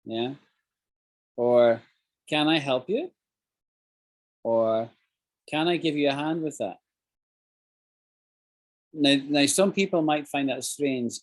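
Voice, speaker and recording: A man's voice: mid-range voice, slow pace, pauses often. A man teaching an English class over a video call, explaining phrases and acting out examples.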